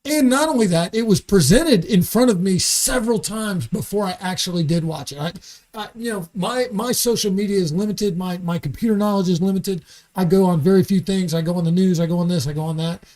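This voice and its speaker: A man's voice: high-pitched, brisk, darkish tone. A man as a podcast guest in a studio, talking in an angry, profane rant and often restarting his sentences. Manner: repeats words and restarts sentences. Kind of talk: casual podcast conversation.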